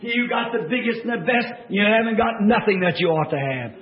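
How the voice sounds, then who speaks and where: A man preaching a fervent revival sermon to a church congregation, in folksy plain-spoken speech that swings from hushed tones to shouting. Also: high voice, lively intonation, fairly quick, a crowd in the background. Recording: echoey, dull old church tape.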